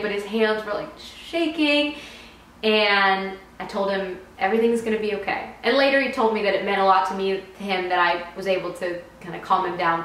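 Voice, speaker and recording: Chatty young woman in an echoey room. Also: mid-range voice. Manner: chatty, excited retelling with frequent laughs. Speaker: vlogger. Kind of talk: casual storytime.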